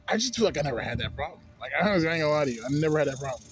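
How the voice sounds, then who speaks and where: Speaking very fast with few pauses, a young adult man in a mid-range, animated voice rambles through a casual vlog monologue. He swears constantly and checks in with "you know what I'm saying."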